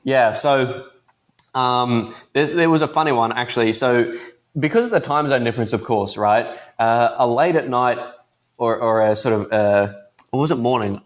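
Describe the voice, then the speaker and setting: A teenage man with an Australian accent talks as a podcast guest. He tells stories in a relaxed, chatty, easygoing way. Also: mid-range voice. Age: teens. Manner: laid-back, chatty storyteller. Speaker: guest entrepreneur. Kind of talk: casual podcast interview.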